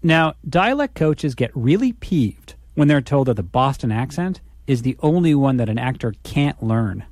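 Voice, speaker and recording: A man's voice: mid-range voice, sing-song, moderate pace, hardly any pauses, a little mellow, no echo, clean studio sound. A man reporting a radio feature, asking conversational, probing questions in an interview.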